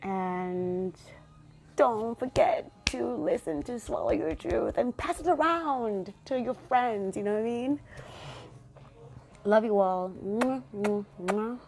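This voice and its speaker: Animated yet slow, her fairly high voice carries a casual solo episode of the podcast she hosts, full of affectionate encouragement and pep talk for listeners.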